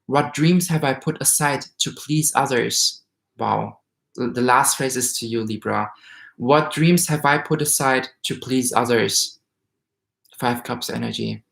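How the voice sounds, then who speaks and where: A man's voice: mid-range voice, a little slow, vocal fry. Emotional man doing a tarot reading. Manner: emotional, excited, reads card meanings aloud. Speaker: tarot reader. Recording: roomy echo.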